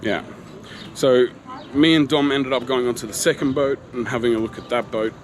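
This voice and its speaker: A man's voice: mid-range voice, normal speed. A man, a travel vlogger animatedly retelling a frustrating encounter to camera. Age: 30s. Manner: animated, exasperated retelling with quoted exchanges. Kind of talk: casual storytelling to camera. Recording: faint street noise behind.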